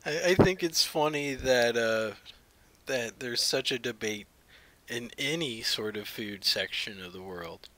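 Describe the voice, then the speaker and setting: A man's voice: medium pitch, measured pace, a bit bright. A man co-hosting a podcast over a call, tossing in laid-back joking asides. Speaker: podcast co-host. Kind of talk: casual chat. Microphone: video call.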